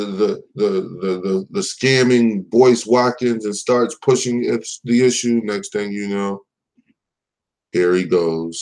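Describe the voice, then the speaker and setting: A man's voice: on the low side, rough recording. A man hosting a live commentary stream, talking in a casual, profane, mocking way and laughing at his own jokes.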